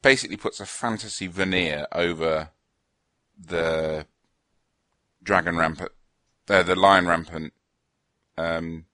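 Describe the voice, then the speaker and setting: A man's voice: sits low, fairly even intonation, takes it slowly, pauses often, sharp tone, no echo. A man co-hosting a podcast in casual chat, explaining things in a rambling, hesitant way with fillers and restarts. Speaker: podcast co-host. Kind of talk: casual chat about tabletop wargames.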